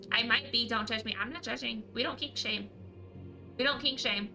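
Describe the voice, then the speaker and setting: A woman streamer chatting casually and excitably on a livestream, laughing often. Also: on the high side, normal speed, music in the background, rough recording.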